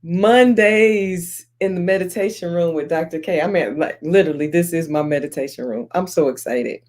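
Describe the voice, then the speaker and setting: A woman's voice: lowish voice, moderate pace, a little mellow. A woman in midlife hosts a live-streamed talk show. She is encouraging and a little preachy, using call-and-response phrasing. She keeps greeting viewers by name as they join. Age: middle-aged. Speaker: host.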